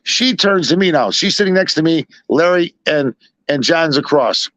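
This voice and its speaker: A man's voice: fairly high pitch, normal speed, dry recording. A man from Chicago telling a long, rambling anecdote in casual conversation, full of asides and retold dialogue. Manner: rambling, animated retelling with many asides. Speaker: storyteller guest. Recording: dull lo-fi dry recording.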